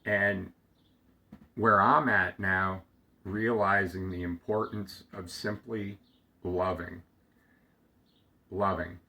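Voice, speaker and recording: A man slowly telling a heartfelt personal story, halting often with fillers and restarts, close to tears at times. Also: on the low side, fairly even intonation, vocal fry, bright, forceful tone. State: getting emotional. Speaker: storyteller sharing a personal memory. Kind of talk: reflective personal monologue.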